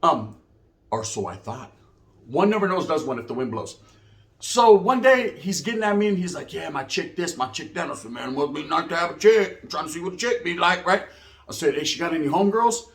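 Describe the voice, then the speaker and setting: A man's voice: on the high side, animated, a little fast, gravelly. A man casually telling a prison story in street slang. He acts out the dialogue and keeps asking "you know what I mean". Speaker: storyteller recounting prison life.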